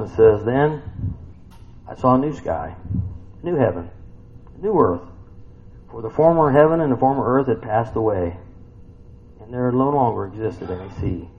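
A man in his fifties preaching a sermon in a folksy, conversational way, tossing in rhetorical questions and swinging from loud, high bursts to quiet, low reading. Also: a little hiss or hum. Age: 50s. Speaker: pastor. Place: church sanctuary. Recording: dull, lo-fi church recording with faint ambience.

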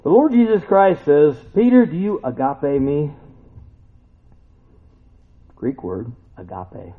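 A man preaching a casual sermon in a conversational, animated way, acting out the voices of the people he quotes. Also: a little high, takes it slowly. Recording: tinny lo-fi phone-like recording.

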